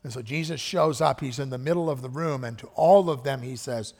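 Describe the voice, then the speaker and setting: Husky, gravelly preacher man in echoey hall. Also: medium pitch, a little fast. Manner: earnest preaching, swinging from hushed to emphatic. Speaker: pastor. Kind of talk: sermon. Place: church sanctuary. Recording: echoey church hall with long reverb.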